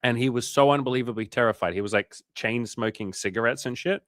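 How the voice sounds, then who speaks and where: A man's voice: mid-range voice, fast, a bit bright, no echo, studio quality. A young man coaching on a livestream, chatting casually, joking and swearing while reassuring viewers. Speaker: dating coach. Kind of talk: casual livestream chat reading viewer comments.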